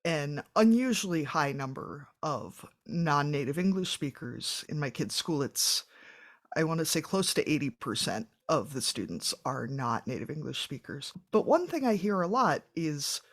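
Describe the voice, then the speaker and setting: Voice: mid-range voice, very animated, normal speed, a bit bright. A thoughtful, conversational podcast host. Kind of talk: casual interview chat.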